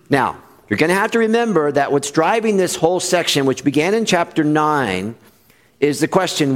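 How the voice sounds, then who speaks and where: A pastor preaching an expository sermon, earnest and emphatic, repeating phrases for stress and slowing on key lines. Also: male voice, on the high side.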